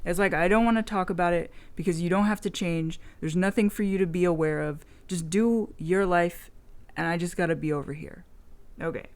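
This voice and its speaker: Frank, swearing woman with a lowish voice. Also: steady tone, fairly quick, a little mellow. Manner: frank and swearing, rambling storytelling. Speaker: video blogger. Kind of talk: casual chat.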